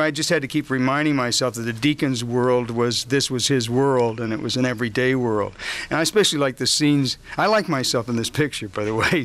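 Smooth-voiced man in a relaxed interview. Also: medium pitch. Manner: relaxed, rambling storytelling with chuckles. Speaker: actor interviewed about his film role. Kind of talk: press junket roundtable interview. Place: hotel press junket room, indoors.

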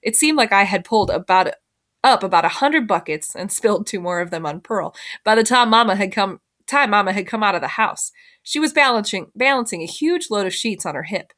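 A woman's voice: medium pitch, expressive, a little fast, fairly bright tone. A woman teacher reading a first-person novel aloud in plain storytelling, sometimes correcting herself.

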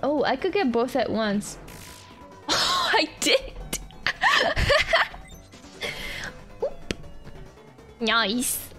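A woman's voice: sits high, huge pitch swings, drawn-out words, pauses often, sharp tone. A young woman streamer giving playful, casual commentary on a game and chatting with her viewers. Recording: faint game music behind.

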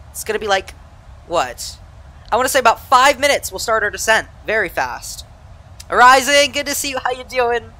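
Lively young Southern Californian streamer. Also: medium pitch. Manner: chatty, reads and answers live chat while flying; laughs easily, self-deprecating. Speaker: flight sim streamer. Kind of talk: casual live-stream chat.

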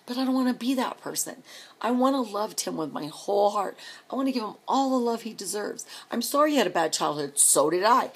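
A woman's voice: medium pitch, husky. A middle-aged woman venting to camera in a rambling, exasperated, sarcastic rant. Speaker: vlogger.

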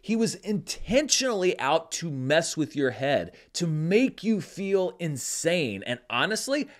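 Wry man with a lively voice. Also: a little high, a little slow. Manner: wry, incredulous, sarcastic. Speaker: film critic. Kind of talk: video film review.

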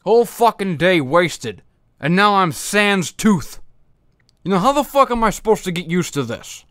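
A man's voice: sits high, big pitch swings, moderate pace, a bit bright, no echo, studio quality. A man hosting a podcast, ranting angrily and profanely with half his face numb after dental work. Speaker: podcast host. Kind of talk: angry comedic rant.

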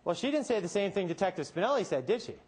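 Husky and sing-song, his male voice high, a defense lawyer gives his closing argument to the jury in a courtroom. Rhetorical questions are pushed hard, with dramatic pauses and abrupt turns from soft to emphatic.

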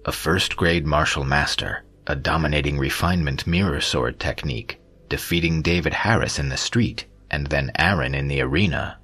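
A man's voice: a bass voice, moderate pace, breathy edge, full character voice. A man voicing a stern middle-aged father who heads the family, speaking in a scolding tone. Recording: soft background music.

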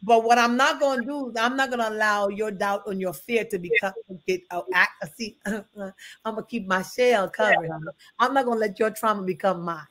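A woman's voice: mid-range voice, a little fast, a bit bright, slight background noise. A middle-aged woman pastor preaching at a Bible study in a folksy, emphatic way, often calling listeners honey.

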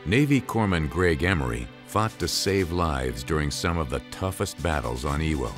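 A man reading scripted documentary narration in a measured, solemn way. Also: very deep voice, animated. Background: music.

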